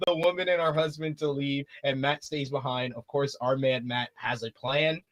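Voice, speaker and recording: A man's voice: mid-range voice, fairly even intonation, moderate pace, few pauses, a bit bright. A man hosting a casual review show, recapping the plot in a laid-back way with frequent fillers. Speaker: host.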